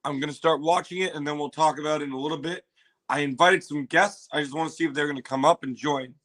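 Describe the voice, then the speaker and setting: A man with a voice pitched a touch high chats casually to his livestream viewers. He repeats himself often and breaks into loud, excited exclamations laced with swearing. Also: fast. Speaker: livestream host reacting to a trailer.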